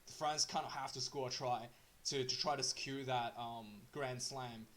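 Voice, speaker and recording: A man talking through a rugby match review in a casual, unscripted way, halting often with fillers and restarts. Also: medium pitch, steady tone, a bit bright.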